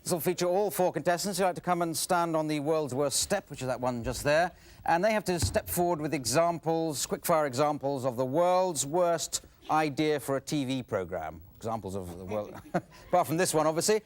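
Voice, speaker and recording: A man's voice: on the high side, animated, a little fast. Man hosting a comedy panel. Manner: hesitant, full of "uh" and restarts. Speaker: game show host. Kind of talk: hosting an improv comedy show. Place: TV studio with live audience.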